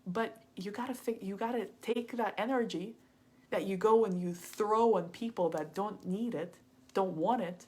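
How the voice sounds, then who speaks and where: A woman's voice: mid-range voice, moderate pace, a little mellow, husky, close to an everyday voice. A woman voicing a blunt female friend who gives direct, hard advice with probing questions, in close to her own voice.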